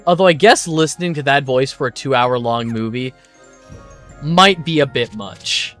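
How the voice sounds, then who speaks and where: A streamer giving lively, laughing let's play commentary and reading game text aloud. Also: mid-range voice, normal speed. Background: faint game music.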